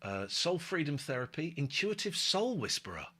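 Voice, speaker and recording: A man hosts a loose, casual chat show, his voice swinging up and down as he jokes. He is blunt, cheerful and sweary, and his tone stays bright and ringing. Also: fairly high pitch, moderate pace. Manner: animated, joking, blunt and sweary. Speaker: host.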